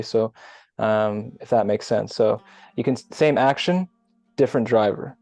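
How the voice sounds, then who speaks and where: A man on a group call who talks calmly and reflectively, explaining his ideas at length over muffled lo-fi call audio. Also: on the low side, measured pace, creaky, no room sound. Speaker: call participant. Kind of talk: casual group video call chat.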